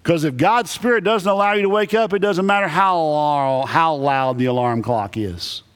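Animated preacher in a ringing hall. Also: male voice, a little high, moderate pace, clear, resonant tone. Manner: animated preaching with emphatic rises and repetitions. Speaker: Baptist pastor. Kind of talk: sermon. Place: church sanctuary. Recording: echoey church hall.

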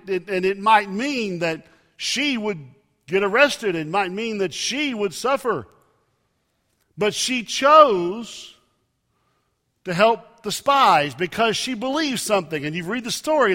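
A man preaching a sermon, with emphatic loud rises and soft drops. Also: high-pitched. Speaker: pastor. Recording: long reverb of a large hall.

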